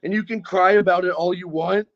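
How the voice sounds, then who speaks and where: A man's voice: sits high, fairly even intonation, fairly quick. A man in his twenties taunting and mocking others in a heated online voice chat, grandiose and insulting. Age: 20s. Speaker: voice chat participant. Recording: muffled lo-fi voice chat audio.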